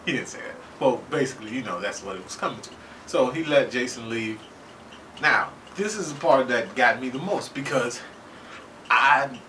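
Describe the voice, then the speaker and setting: A man casually recapping a TV episode with profanity, talking loosely and keeping asking his viewers "right?". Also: medium pitch. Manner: animated, loose and conversational, keeps asking "right?". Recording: faint noise, distant from mic.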